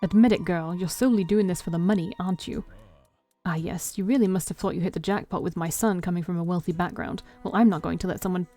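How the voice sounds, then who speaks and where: A domineering, cold rich father who lectures with scorn, as a woman reads him out in a story game. The voice sits low and mellow, commanding and dismissive. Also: fast talker, faint music behind. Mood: scornful. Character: stern wealthy middle-aged father, domineering and cold.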